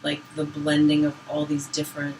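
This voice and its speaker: A woman from Boston telling personal stories in casual conversation, getting lively when she quotes people. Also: low-pitched, moderate pace. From Boston, Massachusetts. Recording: roomy, from some distance, clear background noise.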